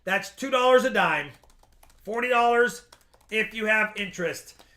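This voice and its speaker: A man hosting a live-stream coin auction, explaining each lot at length with quick asides. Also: high-pitched, expressive, pushed and bright. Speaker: coin seller and stream host.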